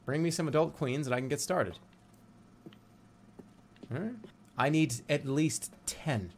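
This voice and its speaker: A man's voice: a little high, unhurried, long pauses. A man streaming a video game, joking and rambling with a stuffy nose and a scratchy throat from a coming cold, swearing freely and drilling tongue twisters. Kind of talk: let's-play commentary.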